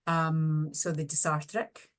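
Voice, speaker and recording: Low-voiced woman explaining clinical slides. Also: steady tone, slow pace. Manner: explanatory, practical, talks through slides with examples. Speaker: speech and language therapist presenting a webinar. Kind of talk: online webinar lecture.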